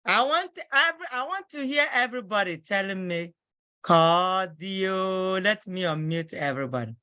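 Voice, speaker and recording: A woman's voice: mid-range voice, lively intonation, brisk, pushed and bright, dry recording. A woman language teacher leading an online class, patiently repeating phrases and encouraging her students. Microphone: video call.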